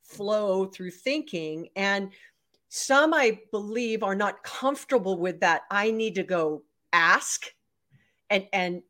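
A woman hosting a conversational interview, asking long, rambling questions with fillers and quick laughs. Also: medium pitch, lively intonation, fairly bright tone. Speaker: interview host.

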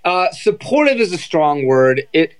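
A man in his thirties, a guest on a chat show, telling casual stories in an animated way, full of fillers and acted-out quotes. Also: on the high side, a little slow, rough recording. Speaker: podcast guest, former reality dating show contestant.

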